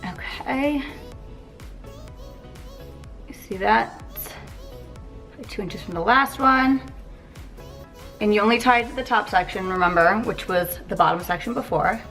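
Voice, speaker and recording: A woman's voice: mid-range voice, unhurried, long pauses, a bit bright, soft background music. Chatty young woman giving hair tips. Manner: chatty, with fillers and asides. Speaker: beauty vlogger. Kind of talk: casual hair tutorial.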